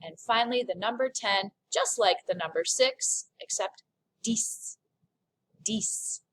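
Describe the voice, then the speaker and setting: A woman's voice: medium pitch, normal speed, rough recording. A woman French teacher giving a recorded online lesson, explaining pronunciation patiently and step by step.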